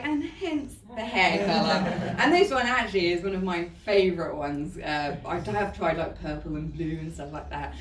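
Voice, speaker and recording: A woman tells a personal story to an audience in a chatty, warm way, laughing often. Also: on the high side, moderate pace, few pauses, a little hiss or hum. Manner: chatty, laughing often, says "you know" a lot. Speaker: speaker giving a talk. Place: event hall. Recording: roomy hall, voice from far off.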